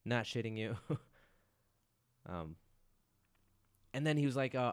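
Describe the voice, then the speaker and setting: Rambling, low-voiced man hosting a podcast. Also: lively intonation, measured pace. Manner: rambling and self-mocking, swears and says "dude" often. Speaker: podcast host. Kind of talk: casual solo podcast monologue.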